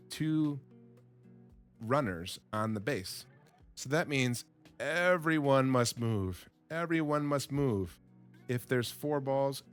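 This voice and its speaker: A man giving a slow, simple English lesson as a voice-over on game footage, repeating words and reacting with excitement to the action. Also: medium pitch. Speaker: English teacher.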